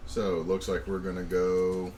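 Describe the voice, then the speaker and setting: A man serves as game master, setting scenes in an unhurried, descriptive way full of little fillers. His voice sits low, and he sounds a step away from the microphone, with a faint hiss underneath. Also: monotone, a little mellow. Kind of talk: narrating a tabletop game. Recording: distant mic with faint noise.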